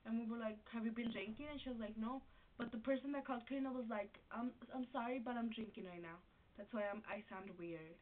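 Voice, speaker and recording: A teenage girl with a high voice chats and teases her friends in a home vlog. She giggles often and keeps things playful. The recording is thin and phone-like, with a constant hiss. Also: fast. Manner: giggly and teasing. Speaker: vlogger. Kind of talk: casual chat among friends. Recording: tinny lo-fi webcam audio with hiss.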